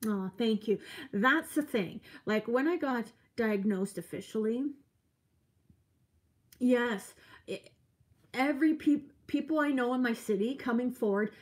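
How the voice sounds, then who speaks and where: A woman's voice: a little high, darkish tone. A woman in her forties chatting earnestly on a live stream, a little tired, reading out viewer comments as she talks. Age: 40s. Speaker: vlogger. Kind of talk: casual live-stream chat.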